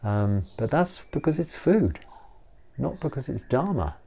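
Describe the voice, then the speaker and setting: An English man in his fifties, a Buddhist monk, answering a viewer's question in a relaxed, rambling way with frequent ums and restarts. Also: mid-range voice, unhurried, gravelly, slightly rough. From England. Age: 50s.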